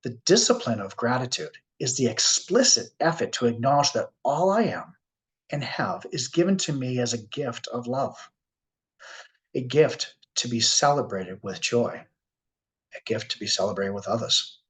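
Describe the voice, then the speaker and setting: A man with a Boston accent giving a workshop talk, speaking slowly and earnestly with pauses as he tells a story. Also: mid-range voice, lively intonation, fairly bright tone, rough recording. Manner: slow, earnest and heartfelt, with pauses. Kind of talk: reflective keynote talk with storytelling.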